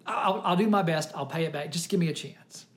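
A humble indebted servant pleads quietly for a chance to pay back what he owes, as a preacher puts him on in a sermon. His voice drops low and soft, begging for mercy. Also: a little fast, natural voice. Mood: pleading.

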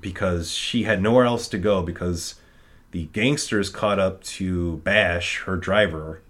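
Recapping a movie in a loose, chatty way, a man piles on fillers and frequently performs the characters' quotes. He speaks low-pitched and a bit slowly, with a fairly bright tone.

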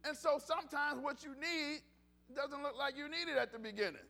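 A man with a strikingly high voice preaches in a loose, conversational way. He talks animatedly, repeats words and starts his phrases over as he goes. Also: fairly quick, creaky, pushed and bright. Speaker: pastor. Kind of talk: casual sermon.

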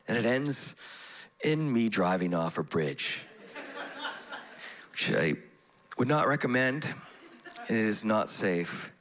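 Man preaching an animated sermon. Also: lowish voice, slow, pauses often. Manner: animated, acts out voices in stories. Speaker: pastor. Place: church.

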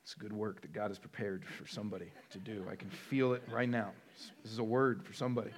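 A man's voice: on the low side, steady tone, fast talker. A middle-aged man, a pastor, preaching a sermon in a conversational way, joking with the crowd and building to emphatic repeated lists.

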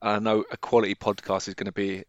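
Male co-host, low voice, relaxed, dull dry lo-fi recording. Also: quick pace, dry recording. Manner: relaxed, laughs easily. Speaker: podcast co-host. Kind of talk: casual chat.

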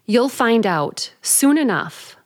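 A brisk female attendant. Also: fairly high pitch, big pitch swings. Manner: brisk, matter-of-fact, reassuring. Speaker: radio drama actress. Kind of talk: 1940s radio acting.

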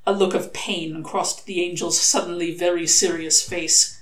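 A woman reading a comic novel aloud, expressive and lively. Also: lowish voice, measured pace. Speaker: reader. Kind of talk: audiobook-style novel reading. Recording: echoey room.

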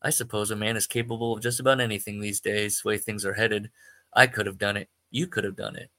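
A man voicing Artie, a calm, laconic old small-town man with a slow folksy drawl. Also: on the low side, dry recording.

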